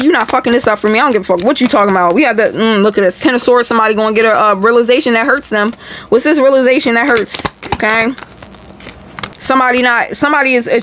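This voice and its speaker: A woman's voice: fairly high pitch, a bit bright, a little hiss or hum. A woman doing a casual tarot reading for viewers, blunt and chatty, swearing freely and talking straight to her audience. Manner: blunt, profane, chatty, addresses viewers directly. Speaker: tarot reader.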